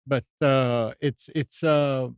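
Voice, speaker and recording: Slow, halting man hosting a tech show. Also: medium pitch, steady tone, smooth, no room sound, studio quality. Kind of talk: casual chat on a tech talk show.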